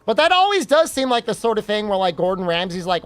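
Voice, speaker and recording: A man's voice: sits high, very animated, fast talker, hardly any pauses, a bit bright, soft background music. A young American man streaming and chatting casually, joking and reacting to questions from his chat.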